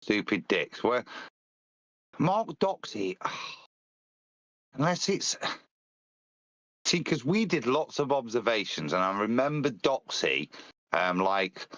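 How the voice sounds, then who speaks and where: A man's voice: medium pitch, sing-song, slow pace, long pauses, fairly bright tone, no echo. A man from the United Kingdom co-hosting a casual live stream, talking bluntly and crudely with frequent restarts. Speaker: co-host.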